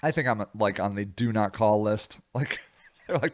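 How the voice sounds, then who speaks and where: An American man from the United States hosting a casual solo commentary vlog, rambling and self-deprecating, with a voice that swings widely in loudness. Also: lowish voice, normal speed. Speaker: vlogger, show host.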